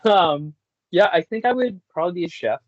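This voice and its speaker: A man's voice: high voice, lively intonation, a little fast, no echo, lo-fi sound. A man who works as a voice actor and actor, a guest chatting in an easygoing, laid-back way and laughing often. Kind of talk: casual interview chat.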